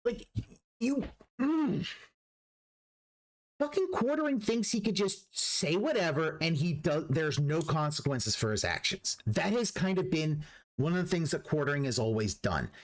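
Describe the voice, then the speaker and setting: A man's voice: a little high, animated, a little slow. A man streaming a reaction, ranting profanely and restarting his sentences as he goes. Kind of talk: livestream reaction commentary.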